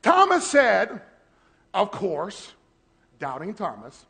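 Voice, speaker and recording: A man delivers a sermon with a high, bright voice that swings widely in pitch. He acts out the lines he quotes and breaks into shouts. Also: moderate pace, long pauses. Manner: animated, shouting and acting out quotes. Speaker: pastor.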